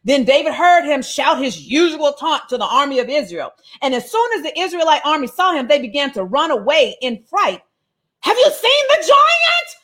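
A woman leading a casual online Bible lesson, reading the story aloud and breaking off to comment in a lively, conversational way. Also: sits high, fairly quick, hardly any pauses. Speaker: Bible study teacher.

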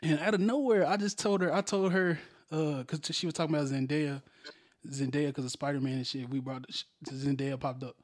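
A man's voice: fairly high pitch, fairly even intonation, a little fast. A young man co-hosting a casual podcast, telling a story loosely with slang and lots of profanity. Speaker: podcast co-host.

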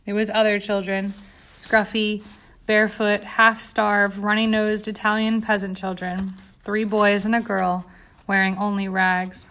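A woman's voice: medium pitch, little pitch movement, unhurried, fairly bright tone. A woman reading an audiobook aloud, telling the story in a tense, dramatic way. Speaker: audiobook reader. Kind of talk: scripted audiobook narration.

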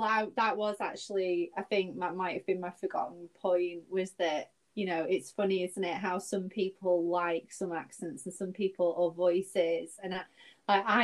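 A woman's voice: lowish voice, low-quality recording. A British woman co-hosting a podcast in casual chat, talking in a chatty way and laughing easily. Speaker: podcast co-host. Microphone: remote recording.

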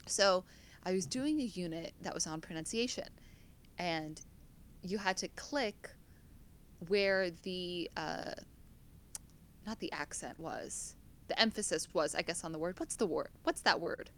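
Young American woman, low-ish voice, easygoing rambling podcast co-host, faint rumble behind. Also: measured pace, long pauses. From United States. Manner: chatty, self-deprecating, laughs often. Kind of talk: casual chat.

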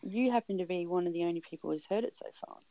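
Aussie woman, laid-back deadpan, fry in her voice, dry close sound. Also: on the low side, very fast, no room sound. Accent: Australian. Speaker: podcast co-host and musician. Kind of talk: casual chat. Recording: dull lo-fi sound.

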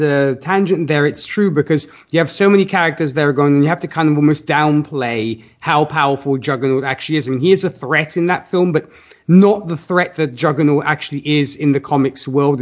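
A man's voice: fairly high pitch, dull audio. A man hosting a casual movie discussion, leading the talk and putting questions to the others. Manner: leads the talk, asks co-hosts questions. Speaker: podcast host.

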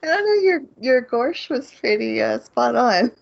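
A woman's voice: a little high, big pitch swings, unhurried, gravelly. A woman co-hosting a podcast in casual chat, talking in an easygoing, amused way. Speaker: podcast co-host. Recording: dull lo-fi audio.

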